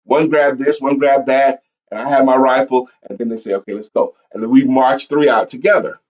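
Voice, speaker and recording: A man co-hosting a streamed talk show and telling a personal story with lively energy. He acts out moments as he goes, at one point shouting for help. His pitch sits in the middle range, and the stream audio is a little muffled and lo-fi. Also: fairly quick. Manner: animated storyteller, acts out yelling. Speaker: podcast co-host. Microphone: online stream setup.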